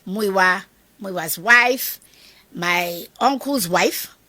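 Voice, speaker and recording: A middle-aged Nigerian woman telling a personal story in an interview, animated and acting out the dialogue of the people in it. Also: medium pitch, drawn-out words, no room sound. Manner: animated, acts out quoted dialogue. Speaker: guest.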